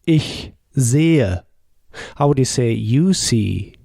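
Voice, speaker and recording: A man's voice: medium pitch, animated, gravelly, warm tone, husky, no room sound, studio quality. A man teaching a language lesson, patiently asking questions and modelling the answers. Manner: explains slowly and patiently, models each answer. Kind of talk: slow, patient language lesson with pauses for the listener.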